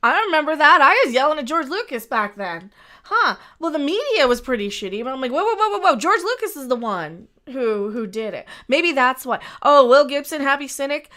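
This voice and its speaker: A woman's voice: high voice, brisk. A woman chatting casually on a livestream as co-host, reacting to shows and comments and cooing now and then. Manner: animated, coos in a baby voice at the screen.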